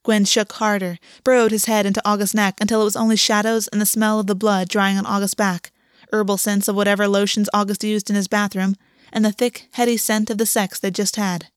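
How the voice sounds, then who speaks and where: A woman narrating a story aloud in a measured, steady reading voice. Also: medium pitch, clean tone, no echo, clean studio sound. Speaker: audiobook reader. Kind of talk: scripted fiction narration.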